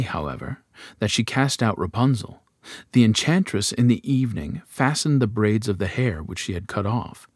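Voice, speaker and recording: A man narrating a fairy tale in a slow, measured, even storytelling voice. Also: lowish voice, no room sound, studio quality.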